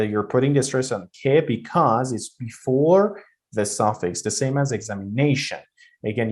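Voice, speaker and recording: A man gives a recorded pronunciation lesson at a middle pitch. He explains patiently and step by step, repeating himself and pausing on fillers. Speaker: pronunciation teacher.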